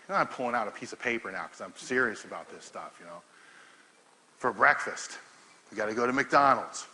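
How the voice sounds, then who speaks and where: A middle-aged man giving a talk to an audience, telling a profane, laughing story in an animated way. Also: medium pitch, fairly quick, rough recording. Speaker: powerlifting coach giving a talk.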